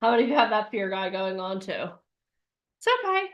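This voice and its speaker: A woman in her forties, a coach giving a lively live online workshop and acting out voices. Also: mid-range voice, moderate pace, dull audio. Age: 40s.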